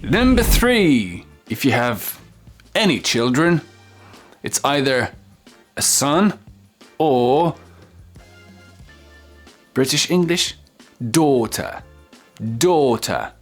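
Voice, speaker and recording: Man, French native, English teacher, slow exaggerated repetition, lively pitch, faint background music. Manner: slow, exaggerated word-by-word modeling. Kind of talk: lesson for French speakers.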